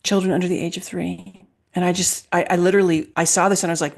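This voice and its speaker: A woman guest recounting events with emphatic, quoted dialogue in an animated interview conversation. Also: on the low side, quick pace, vocal fry. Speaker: guest, health freedom advocate.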